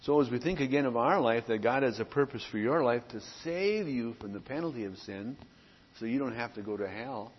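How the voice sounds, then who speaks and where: A man, a pastor, delivering an earnest, conversational sermon with frequent pauses. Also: mid-range voice, animated, long reverb tail, highs cut off, slight background noise.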